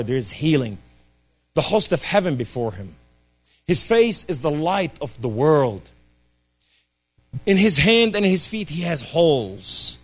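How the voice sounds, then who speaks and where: A man giving an impassioned testimony sermon, swinging between loud cries and hushed, low speech.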